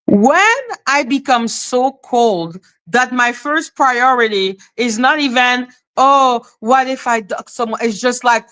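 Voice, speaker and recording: A woman's voice: a little high, expressive, slow, pushed and bright. A woman hosting a livestream, talking bluntly and profanely in a heated rant to her chat. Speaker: livestream host.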